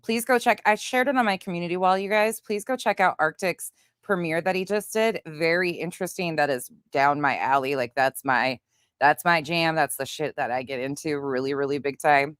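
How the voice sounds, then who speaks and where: A woman with a low-pitched, somewhat bright and smooth voice speaks at a normal pace, recorded dry with clean studio sound. She hosts a casual livestream, reading comments, greeting viewers by name, and chatting bluntly with some swearing.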